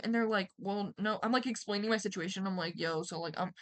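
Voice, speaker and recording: A young woman streamer telling a personal story in a rambling, animated way, swearing and acting out quotes loudly. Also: mid-range voice, quick pace, few pauses. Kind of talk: casual storytime.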